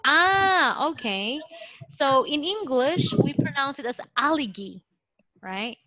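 A Filipino woman leads an online lesson over a video call, her voice high and bright. She is patient, thinks aloud and fills pauses with okay and wait a second. The sound is dry and close. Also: big pitch swings, no echo. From Philippines. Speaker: teacher.

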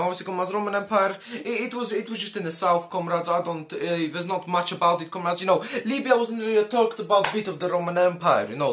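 Brief: high-voiced male YouTuber, profane comedic commentary, addresses viewers as comrades. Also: a bit bright. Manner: crude, profane and joking, calls the audience comrades.

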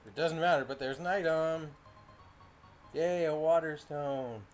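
A man's voice: a little high, unhurried, faint music behind. A young man casually commenting on his own gameplay, reacting aloud and swearing often. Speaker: gaming video host. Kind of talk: casual let's-play commentary.

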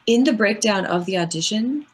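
A woman's voice: medium pitch, lively intonation, brisk. A woman voice actress as an interview guest, explaining her craft at length in a thoughtful, casual way with frequent fillers.

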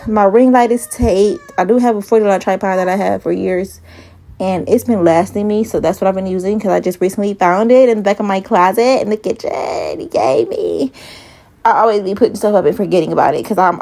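A vlogger in her twenties chats bluntly to her phone camera in a mid-range, darkish voice, speaking fairly quickly. She swears freely and sounds a little breathless, and the audio comes from a phone mic with earbud.

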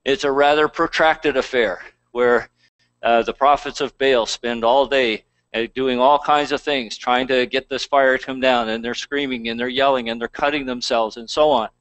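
A man's voice: medium pitch, steady tone, normal speed, fairly bright tone, no room sound, muffled recording. A man pastor preaching a conversational sermon, reading scripture aloud between plain asides.

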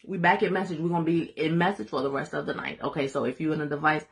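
A woman leading a live Bible study in a lively call-and-response preaching style, laughing and making asides to viewers. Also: deep voice, fast talker.

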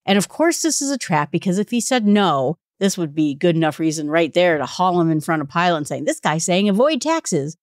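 A woman's voice: lowish voice, animated, brisk, few pauses, no echo, clean studio sound. A woman hosting a Bible study podcast, teaching conversationally, reading scripture aloud and asking rhetorical questions.

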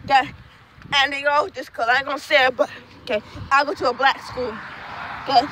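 A woman's voice: high-pitched, steady tone, a little fast, bright, forceful tone, slight background noise. A young woman telling a rambling, profane storytime vlog outdoors at dusk, tagging her phrases with "okay?". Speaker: student vlogger.

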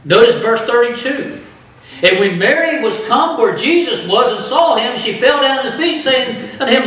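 A man preaching a sermon as pastor, with animated delivery that acts out the voices of the people in his story. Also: high voice, moderate pace. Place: church sanctuary. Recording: echoey church from far off.

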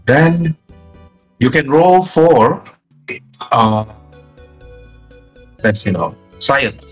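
A man's voice: mid-range voice, animated, extremely slow, husky, lo-fi sound, soft background music. A man narrating as game master, rambling with many restarts and "and then".

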